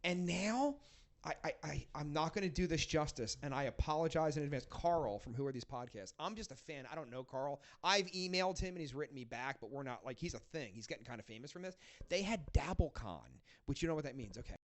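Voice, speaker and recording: A man's voice: a little high, animated, brisk. A man guest on a podcast, telling rambling, profanity-laced stories in casual chat. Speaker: podcast guest, rock band frontman.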